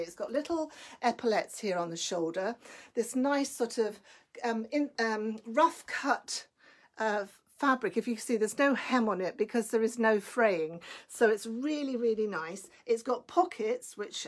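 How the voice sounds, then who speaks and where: A woman selling clothes on a live stream, chatty and enthusiastic, a little breathless. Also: a little high. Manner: chatty and enthusiastic, greets viewers by name. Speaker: online clothing seller.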